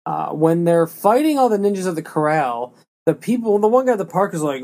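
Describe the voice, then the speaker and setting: A man's voice: high voice, big pitch swings, fairly quick, dark tone. A young man co-hosting a casual podcast, teasing his friend and laughing as they mock a movie. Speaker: podcast co-host.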